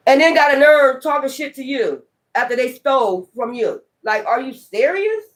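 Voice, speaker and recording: A woman's voice: high voice, expressive, normal speed. Blunt, profane woman reading tarot. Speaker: tarot reader.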